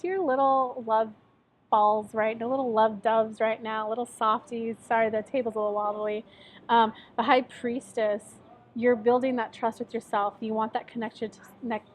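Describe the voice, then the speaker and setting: With a fairly high voice and a little background noise in the recording, a Tennessee woman chats her way through a relaxed tarot reading. She's upbeat and encouraging, leaning heavily on fillers like "like" and "um."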